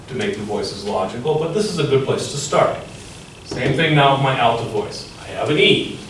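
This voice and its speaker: A man's voice: mid-range voice, a little hiss or hum. Man teaching music theory in an echoey room. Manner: measured, explanatory, pauses to think aloud. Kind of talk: instructional lesson with piano demonstrations. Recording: roomy echo, far from the mic, piano playing. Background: piano.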